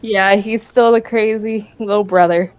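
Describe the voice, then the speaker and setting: A woman's voice: mid-range voice, fairly even intonation, unhurried, a crowd in the background. A woman playing a tabletop game, speaking hesitantly with stumbling starts. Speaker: player.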